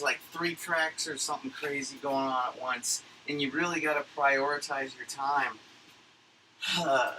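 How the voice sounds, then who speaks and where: A man talks from his computer at home in a loose, wandering monologue, full of fillers and casual swearing. His voice is very bright at a middling pitch. A faint background hiss sits under it. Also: low-quality recording. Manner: rambling, profane, filler-heavy. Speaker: livestreamer recapping a conference.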